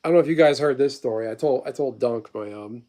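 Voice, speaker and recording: A man's voice: mid-range voice, fast, dark tone. A man in his thirties hosting a casual livestream, rambling through stories and blunt, profane opinions while answering chat. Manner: replies to chat messages. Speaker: livestream host.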